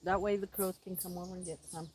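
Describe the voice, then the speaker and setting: A woman vlogging outdoors, excitedly calling and cheering at a squirrel, then dropping to mutters. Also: fairly low pitch, fast, a little hiss or hum. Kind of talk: casual outdoor vlog. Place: outdoors, yard near a hill road.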